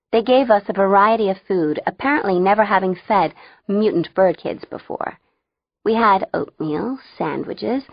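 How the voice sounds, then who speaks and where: A woman's voice: lowish voice, dry recording, dull audio. A woman narrating a first-person audiobook in a wry, conversational way.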